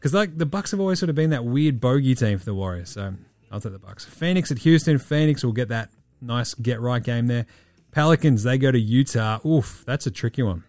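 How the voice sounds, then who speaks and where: A man hosting a podcast in casual sports chat, breezy and profane as he rattles off quick-fire picks. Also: mid-range voice, expressive, darkish tone, dry recording. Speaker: podcast host.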